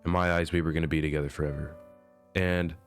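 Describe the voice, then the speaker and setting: A young man with an extremely deep, low voice talks softly and earnestly, often hesitating and trailing off. He sounds like a vlogger reading his own diary aloud and reflecting on it, with quiet instrumental music playing faintly behind him. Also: level tone, fast talker, clean tone. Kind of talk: reading a personal diary entry aloud, then reflective monologue.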